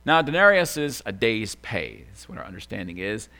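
A man preaching a sermon as a pastor, animated, swinging from loud excited bursts to quiet asides. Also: on the low side, a little fast.

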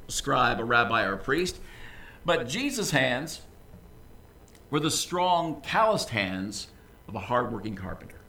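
Lively preaching man in an echoey church. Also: mid-range voice. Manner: lively, conversational preaching with asides. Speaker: pastor. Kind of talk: sermon. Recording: echoey room, voice from a distance.

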